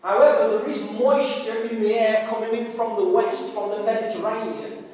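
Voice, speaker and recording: A pastor delivers an earnest, emphatic sermon, drawing out scripture lines slowly for weight. His voice sits high for a man. The live recording is full of long church-hall reverb, picked up from a distance. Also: fairly even intonation, a little mellow. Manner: earnest, emphatic preaching with dramatic slow readings.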